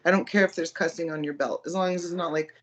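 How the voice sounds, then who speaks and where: A woman's voice: on the low side, steady tone, quick pace, slight background noise. A woman chatting casually on a podcast, blunt and laid-back, swearing offhand. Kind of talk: casual chat.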